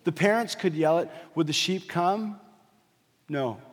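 A fairly high-voiced man preaches a sermon in a church, his words ringing in the long reverb of a big hall. He builds to loud, emphatic peaks, then drops to hushed, low passages, and slips in jokey asides and stories along the way. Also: measured pace. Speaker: pastor. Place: church sanctuary.

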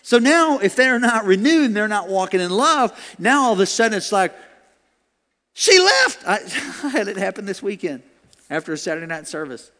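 Male pastor, sermon, higher voice with wide swings, echoing church hall. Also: fairly quick. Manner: animated, acts out voices and laughs.

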